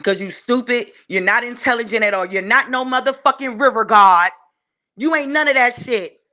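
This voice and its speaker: A fiery woman with a D.C. tears into someone on her live stream. Her voice sits a bit high and flies higher when she yells. The talk is profane and cutting, with sudden shouts. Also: moderate pace. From Washington, D.C. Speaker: channel host ranting on a live stream. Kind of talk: heated live-stream rant.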